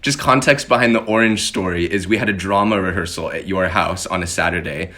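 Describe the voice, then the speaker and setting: A young adult man co-hosting a podcast, chatting casually and telling a relaxed story. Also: sits low, brisk. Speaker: podcast co-host. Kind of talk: casual chat.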